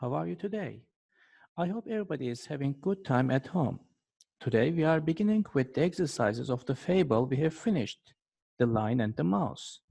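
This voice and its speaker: Gravelly male teacher opening a lesson. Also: medium pitch, expressive, normal speed, warm tone. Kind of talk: online English lesson intro.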